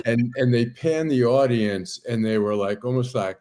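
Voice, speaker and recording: A man's voice: mid-range voice, normal speed, warm tone. A man on a talk panel, telling an anecdote in an amused way. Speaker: panel guest. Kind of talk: casual panel chat.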